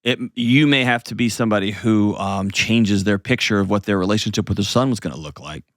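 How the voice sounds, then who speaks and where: Folksy man host, low and dry. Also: fairly quick, dry recording. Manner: folksy, explains with acted-out examples, frequent "right?" and "okay?". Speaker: advice show host. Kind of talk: conversational advice to a caller.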